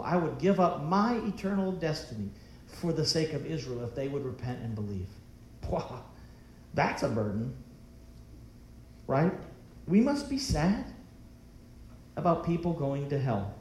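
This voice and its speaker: A man's voice: on the high side, darkish tone, echoey room, a little hiss or hum. A man preaching a sermon as pastor, emphatic and full of rhetorical questions.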